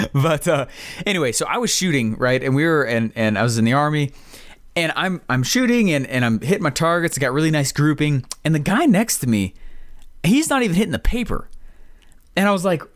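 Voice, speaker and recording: A man hosting a podcast, telling a casual, rambling story full of fillers and excited asides. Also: medium pitch, dry recording, studio quality. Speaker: podcast host.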